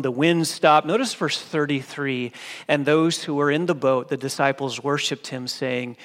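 A male pastor preaching a sermon with emphasis, dropping low and soft when he quotes scripture. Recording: long hall reverb.

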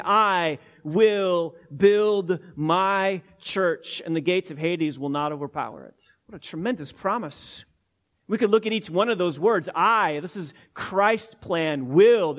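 A male pastor delivers a verse-by-verse sermon, leaning hard on single words and repeating phrases for weight. His voice sits a little higher than most men's. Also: a bit bright. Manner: emphatic, word-by-word teaching with repetitions. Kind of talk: expository sermon.

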